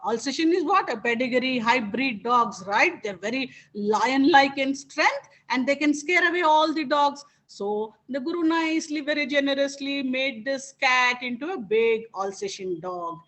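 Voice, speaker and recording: A woman teacher narrates a moral fable to her students. Her voice sits high, and she keeps pausing to ask the class questions. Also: animated, a bit bright, low-quality recording. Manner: interactive, asks the listeners many questions. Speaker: spiritual teacher. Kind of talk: storytelling to a class.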